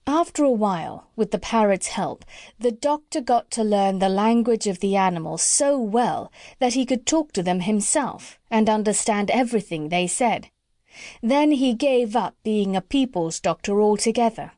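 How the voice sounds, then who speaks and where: A woman narrating a children's storybook audiobook in an expressive reading. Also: medium pitch, moderate pace, dry recording, studio quality.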